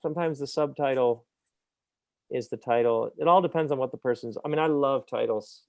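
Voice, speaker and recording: A middle-aged man, an author being interviewed, talking in an animated, reflective way and often laughing at himself. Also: medium pitch, fairly quick, gravelly, no echo, studio quality. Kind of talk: casual interview conversation.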